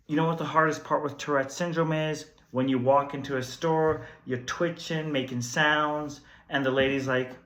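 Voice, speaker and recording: A man's voice: medium pitch, brisk, few pauses, a bit bright. Young man telling jokey stories, echoey. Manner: jokey, candid, self-deprecating. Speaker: stand-up comedian guest. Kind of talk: comedy sketch storytelling. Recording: roomy echo.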